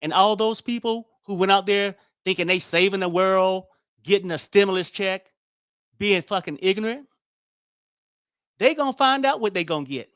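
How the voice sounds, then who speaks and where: A fairly high-voiced man, ranting bluntly and wearily. He swears freely and sounds exasperated, recorded close and dry with no room sound. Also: normal speed, fairly bright tone, clean tone, no echo. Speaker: political commentary host. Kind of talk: casual political commentary.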